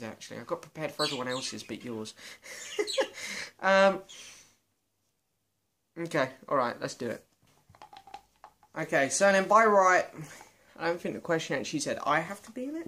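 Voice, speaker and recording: A man's voice: fairly high pitch, fairly bright tone, a little hiss or hum. A young British man answering viewer questions in a casual, self-mocking vlog. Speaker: vlogger. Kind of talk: casual Q and A chat.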